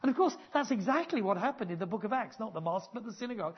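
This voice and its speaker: A man delivers a sermon in an earnest, emphatic way, leaning hard on key words and sometimes poking gentle fun at himself. His voice has a husky edge. The recording is dull and lo-fi. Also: high voice, animated, very fast. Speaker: preacher.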